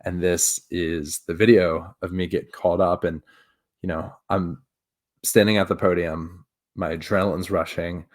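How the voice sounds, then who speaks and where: Excitable man telling a story, lowish voice. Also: normal speed. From Baltimore, USA. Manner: excitable storyteller, jumps into loud re-enacted exclamations. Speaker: video host. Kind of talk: casual reaction commentary.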